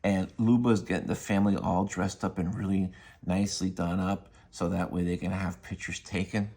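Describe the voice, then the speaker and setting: A man's voice: deep voice, level tone, normal speed, a little mellow, breathy edge. A man casually retelling a comic book story in a rambling way, full of fillers. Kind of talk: casual spoken review.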